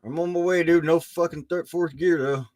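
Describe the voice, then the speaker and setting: A man's voice: fairly high pitch, fairly even intonation, moderate pace, a little mellow, dry recording. Man, livestream host, laid-back, slangy, supportive, dry close sound. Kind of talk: casual chat.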